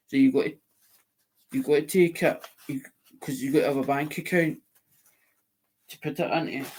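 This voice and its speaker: A man's voice: on the high side, slight background noise. A man with a Scottish accent, chatting casually and rambling as the host of an online auction channel, restarting and repeating himself.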